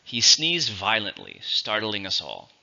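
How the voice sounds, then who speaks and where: Male English teacher, low and sharp-toned, dull lo-fi recording, measured explanations. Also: wildly swooping pitch, creaky. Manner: slow, deliberate explanations with repeated words. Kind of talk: vocabulary lesson.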